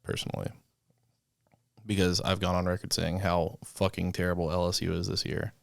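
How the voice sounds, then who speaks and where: A man co-hosting a casual podcast, animated and joking, often swearing. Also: low-pitched, normal speed, creaky, dry recording, studio quality. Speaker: podcast co-host. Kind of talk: casual chat.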